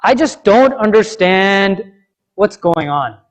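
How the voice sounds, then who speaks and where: A man's voice: high voice, animated, takes it slowly, rough recording. A preacher acting out a frustrated young man who complains and vents in exasperation. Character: frustrated young male college dropout.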